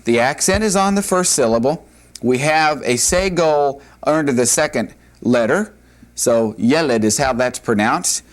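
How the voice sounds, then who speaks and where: His medium-pitched voice moves a little slowly as he teaches Hebrew grammar in a classroom, standing at the board. He repeats important points with patience and uses "all right" and "uh" frequently.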